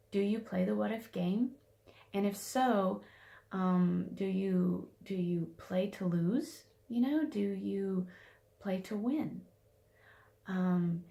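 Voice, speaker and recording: A woman's voice: mid-range voice, gravelly, mellow. A woman success coach giving a casual weekly motivational talk, chatty with fillers and restarts.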